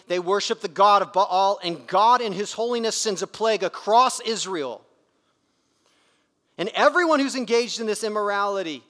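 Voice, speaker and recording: In a reverberant hall, a male pastor with a high, fairly bright voice delivers a sermon. He speaks emphatically but conversationally, letting his volume swing sharply up and down.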